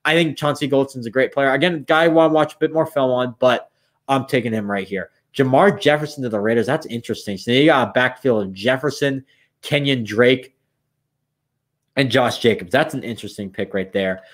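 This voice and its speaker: A young man running mock drafts on a live stream casually talks through his picks, thinking aloud in a rambling way with restarts. He sounds tired and yawns, speaking fairly quickly at a medium pitch.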